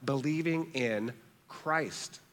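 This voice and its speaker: A man preaching a sermon as pastor, earnest, repeating phrases for emphasis and dropping soft on key words. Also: mid-range voice, slow pace, big-room sound.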